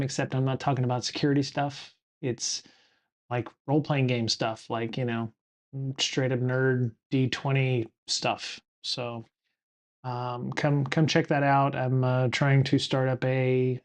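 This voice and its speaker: A man's voice: medium pitch, flat delivery, unhurried. A middle-aged man hosting a solo live stream, talking casually and rambling with many fillers and self-corrections. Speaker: podcast host streaming solo.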